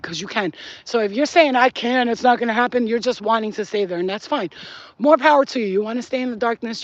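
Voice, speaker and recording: A woman's voice: a little high, no echo. Blunt, profane woman with dull lo-fi sound. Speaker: spiritual channel host. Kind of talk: casual spiritual talk to camera.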